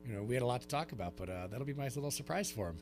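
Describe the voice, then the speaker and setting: A man co-hosting a sports radio show, chatting in a relaxed, easygoing way. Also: medium pitch, very fast, background noise. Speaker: co-host. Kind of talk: casual radio chat.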